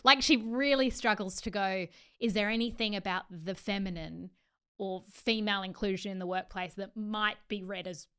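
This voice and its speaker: A chatty woman co-host with a smooth, clear voice at a middle pitch. She talks casually and breaks into laughs as she goes. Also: moderate pace, sharp tone. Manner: chatty, laughs while talking. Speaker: podcast co-host. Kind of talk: casual chat.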